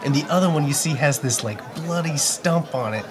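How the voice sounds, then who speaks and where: A man's voice: a little high, a little fast, a crowd in the background. A man narrating as game master of a tabletop game, casual and hesitant with many fillers.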